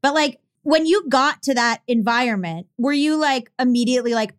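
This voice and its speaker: A woman co-host interviews her guest attentively, asking probing follow-up questions in a relaxed, conversational way. Her voice is smooth and resonant, sitting a little high. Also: normal speed. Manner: attentive, laughs easily, asks probing follow-ups. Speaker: podcast co-host. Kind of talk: interviewing, casual chat.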